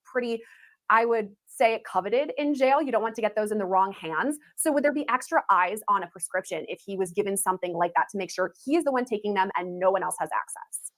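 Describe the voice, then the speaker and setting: Woman anchor, quick and businesslike. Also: mid-range voice, animated. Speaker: news anchor. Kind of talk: news interview questions.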